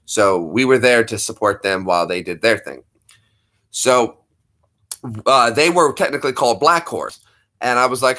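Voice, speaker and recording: A man's voice: medium pitch, lively intonation, moderate pace, bright, forceful tone. A man hosting a casual chat, rambling and chuckling as he talks. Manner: rambling, chuckling, self-interrupting. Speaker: channel host.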